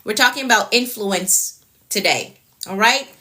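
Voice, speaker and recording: On a live stream, a productivity coach with a Jamaican accent speaks fast and follows nearly every point with "okay?". Her voice is medium in pitch, bright and forceful, with lively intonation.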